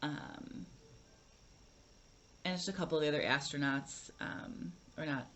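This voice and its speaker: A woman's voice: sits low, measured pace, a bit bright, a little hiss or hum. A young woman vlogging a casual book review, rambling with lots of fillers and restarts.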